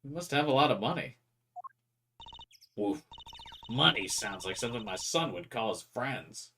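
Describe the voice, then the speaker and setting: A man voicing a tough, curt older mob wife with a husky, gruff voice. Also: mid-range voice, animated, moderate pace, bright, forceful tone, recorded from a distance, slight background noise. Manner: curt, intimidating.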